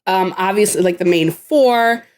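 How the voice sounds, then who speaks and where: A woman's voice: medium pitch, normal speed, a little mellow. Casual swearing woman podcast co-host. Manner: casual, swears, laughs often. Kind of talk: casual chat.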